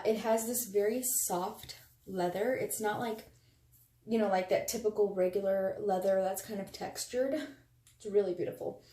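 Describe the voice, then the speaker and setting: A woman's voice: mid-range voice, darkish tone. A woman vlogger chatting casually and gushing over items in a haul video, recorded on a camera mic at home. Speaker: beauty vlogger. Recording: echoey room, faint noise.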